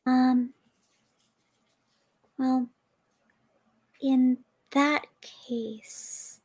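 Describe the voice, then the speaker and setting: A woman player in a tabletop game, talking in a measured, dryly wry way. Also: high-pitched, steady tone, darkish tone. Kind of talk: casual tabletop play.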